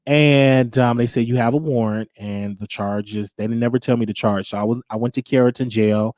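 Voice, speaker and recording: A young man hosting his own show, telling a personal story in a candid, halting way with many restarts. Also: medium pitch, steady tone, a little mellow, dry recording, studio quality. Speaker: show host.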